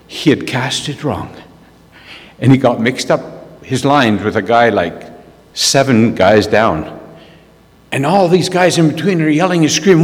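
A man preaching, telling a personal story in an animated way and laughing at himself. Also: medium pitch. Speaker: preacher sharing a testimony. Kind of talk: storytelling sermon. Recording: long reverb of a large hall.

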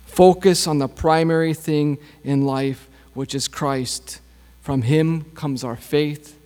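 A man preaching a sermon in a church, his slightly high voice carried by a long hall reverb. He moves at a very slow, deliberate pace and circles back to the same phrases. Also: steady tone, darkish tone. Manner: slow, repetitive preaching cadence. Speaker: pastor.

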